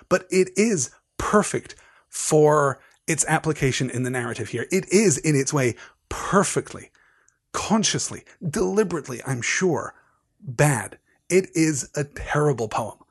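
A man's voice: fairly high pitch, husky. Enthusiastic male literature lecturer. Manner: animated, enthusiastic, digressive and analytical. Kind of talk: literary lecture with slides and read-aloud passages.

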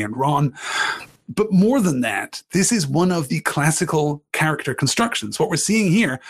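A man's voice: on the high side, slightly rough. A man reading aloud from a novel and discussing it with his audience like a literature teacher, enthusiastic and asking questions.

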